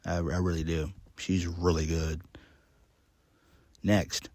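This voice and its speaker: A man's voice: low voice, level tone, slow, a little mellow, no echo. A man casually recapping a wrestling show, rambling with many ums and uhs in a laid-back way.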